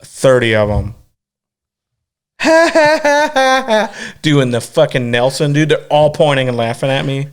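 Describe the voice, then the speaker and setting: A man co-hosting a podcast, telling a story in a crude, animated way, acting out other people's voices and laughing often. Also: on the high side, slow pace, clear, resonant tone. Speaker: podcast co-host. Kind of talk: casual chat, storytelling.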